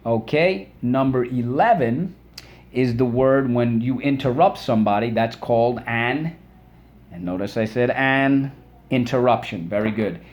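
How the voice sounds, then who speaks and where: A man teaching a phonics lesson for children, patient and encouraging, saying words aloud and pausing for the class to repeat them. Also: mid-range voice, a little mellow, lo-fi sound. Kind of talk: phonics lesson with call-and-response drills.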